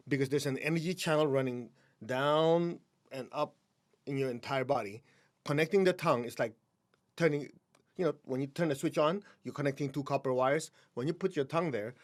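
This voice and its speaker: Guest healer, male, mid-pitched, calm instructive guide with easy laughs. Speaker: energy healing teacher, guest. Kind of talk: guiding a breathing exercise.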